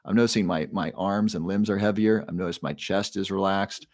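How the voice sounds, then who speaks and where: Low-voiced man answering a live chat. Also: brisk, dry recording, clean studio sound. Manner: relaxed, guides breathing, reads chat names aloud. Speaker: livestream host. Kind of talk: casual livestream talk, answering chat.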